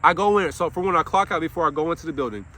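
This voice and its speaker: A man's voice: fairly high pitch, very fast, sharp tone. A young man, an after-school counselor, delivering an impassioned monologue, preaching and swearing, asking himself questions and answering them. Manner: swears while venting.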